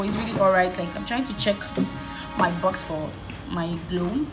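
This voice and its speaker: A young Nigerian woman with a Nigerian accent, vlogging in a casual chat while she does her makeup, telling a story in an animated way. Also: medium pitch, a little fast, roomy sound, over music, poor audio. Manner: animated storytelling, switching between English and Yoruba.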